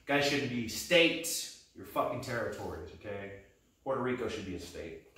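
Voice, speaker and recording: A man in his thirties from Texas, doing a meandering, self-deprecating stand-up practice set with a deadpan delivery. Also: on the low side, moderate pace, heavy reverb, distant mic. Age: 30s. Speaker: stand-up comedian.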